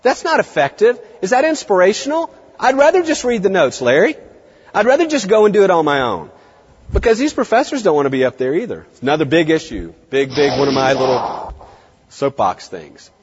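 A man working as a veterinary practice consultant, giving an emphatic seminar lecture and dropping his voice low for effect. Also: sing-song, brisk, breathy edge. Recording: dull lo-fi recording in reverberant hall.

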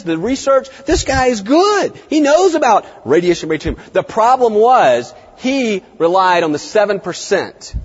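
A middle-aged man giving a lively lecture to veterinary students, swinging his tone and pace for drama. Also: sits high, slightly rough. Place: large lecture hall. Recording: dull, echoey lecture hall recording.

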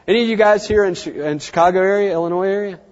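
A middle-aged man giving a seminar talk to an audience, chatty and animated, acting out the people he quotes. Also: high-pitched, fast. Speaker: veterinary practice speaker. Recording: muffled, dull sound in a reverberant hall.

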